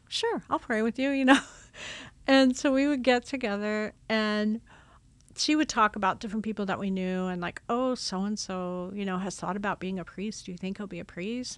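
Woman, religious sister, guest, casual storytelling, gravelly undertone, mid pitch. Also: a little fast, dry recording. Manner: animated, acts out her own past dialogue with laughs.

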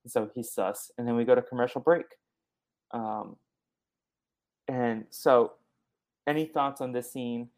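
Animated male podcast host. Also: mid-range voice, a little slow, long pauses. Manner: animated retelling, acting out characters' lines. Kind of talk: casual movie recap chat.

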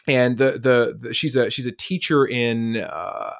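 A man speaking as a podcast guest, telling stories in a lively conversational way and acting out the dialogue. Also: mid-range voice, measured pace, vocal fry. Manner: lively storyteller who acts out dialogue. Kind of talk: conversational storytelling.

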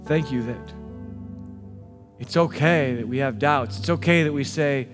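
A male pastor preaching a sermon, swinging between hushed, intimate passages and emphatic, rising declarations. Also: medium pitch, a little slow. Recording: long hall reverb with faint music.

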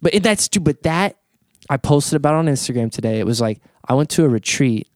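A man hosting a casual podcast conversation, telling an animated story, swearing freely and stumbling over repeated words as he talks. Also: on the high side, fairly quick, no room sound, studio quality. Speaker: podcast host.

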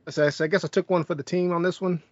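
A man's voice: high voice, steady tone, fast talker, highs cut off, background noise. A man hosting a podcast, giving a laid-back, chuckling movie review and recapping the plot. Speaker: podcast host.

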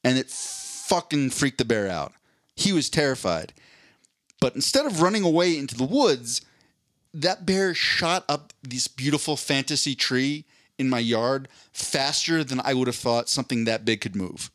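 A man tells a profane story on a podcast. His pitch swings widely as he acts out the characters in it. The sound is dry and close, with no room echo. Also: animated, moderate pace, a bit bright. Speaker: podcast co-host. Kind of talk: casual storytelling chat.

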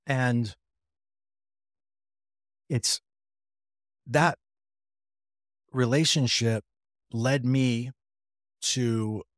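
A man speaking at a middle pitch as he tells his own story in a conversational, wry, self-deprecating way. He recounts conversations step by step and often restarts his sentences. The sound is close and dry, with no room echo. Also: extremely slow, pauses often. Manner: conversational, retells dialogue, frequent restarts. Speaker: interview guest. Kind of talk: personal storytelling.

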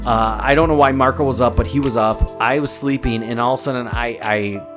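A man's voice: medium pitch, a little fast, over music. A man hosting a casual podcast chat, telling stories with lots of laughter. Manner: animated storyteller, laughs often. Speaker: podcast host.

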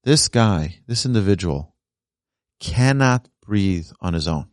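Animated storytelling rabbi, dry close sound. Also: male voice, low voice, slow, no echo. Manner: animated storyteller who acts out quoted voices. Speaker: rabbi teaching a podcast class. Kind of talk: storytelling Torah lesson.

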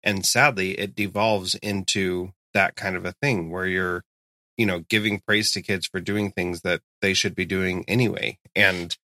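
A man hosting a podcast, speaking in a measured, agreeable way in conversation with a guest. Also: sits low, fairly even intonation, sharp tone, dry recording. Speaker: podcast host. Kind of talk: casual interview talk.

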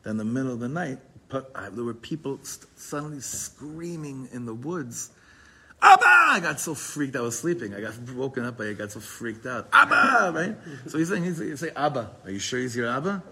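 A man gives a Torah class in a slightly husky voice, mid-range in pitch. He reads passages aloud, then breaks into chatty, roundabout explanation that often restarts itself. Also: sing-song, brisk, hardly any pauses, pushed and bright. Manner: switches between reading Hebrew text aloud and casual English explanation; digressive, talkative, with frequent restarts. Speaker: Torah teacher.

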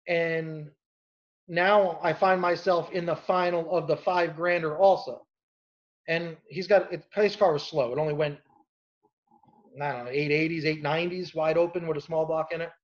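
A man's voice: fairly high pitch, muffled recording. A man telling casual, rambling anecdotes and acting out quoted dialogue as he goes. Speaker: storyteller host. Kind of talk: casual storytelling.

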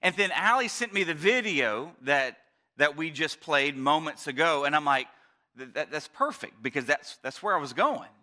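Guy pastor with a high bright voice, chatty sermon, lots of restarts, goes soft and quiet sometimes. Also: expressive, normal speed. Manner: chatty, storytelling, frequent restarts. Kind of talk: Mother's Day sermon. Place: church service, also streamed online.

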